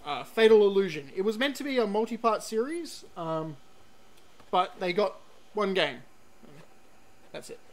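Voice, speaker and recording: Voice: medium pitch, big pitch swings, measured pace, long pauses. A game streamer giving rambling, chatty let's-play commentary, full of ums and restarts, sometimes reading on-screen text aloud.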